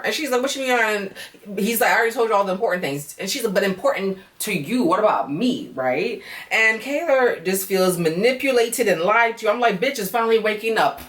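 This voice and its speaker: A woman's voice: medium pitch, far from the mic. A young woman recapping a reality dating show in a casual vlog, blunt and sassy, swearing freely and ending her points with "okay?" and "girl".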